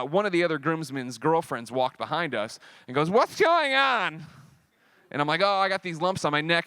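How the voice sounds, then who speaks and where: A man in his thirties telling a personal story to a convention audience, animated and profane, acting out what other people said. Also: mid-range voice, no echo.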